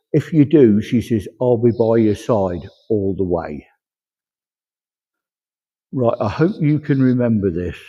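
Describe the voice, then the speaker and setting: A man with a very dark, husky voice relays spirit messages to a congregation, chatty and conversational. He is heard through a long, echoing reverb on a dull, lo-fi recording. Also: fairly low pitch. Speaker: medium. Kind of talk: platform mediumship demonstration. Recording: echoey hall, dull lo-fi sound.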